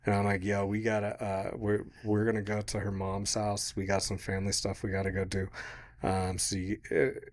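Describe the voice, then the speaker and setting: A man's voice: lowish voice, completely flat delivery, normal speed. A man in his thirties co-hosting a podcast, telling a long story casually, swearing and laughing as he goes. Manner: rambling, swearing, laughing mid-story, quoting others. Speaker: podcast co-host.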